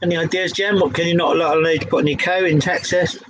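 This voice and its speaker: A man's voice: a little high, steady tone, fast, slight background noise, low-quality recording. A young man with a Devon accent hosting a casual pub quiz, laughing and swearing as he stumbles over the questions. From England. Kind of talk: casual quiz-reading chat.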